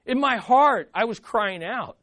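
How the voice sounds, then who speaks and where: A pastor preaching a sermon in an animated way, acting out desperate pleas. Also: medium pitch, unhurried, no echo.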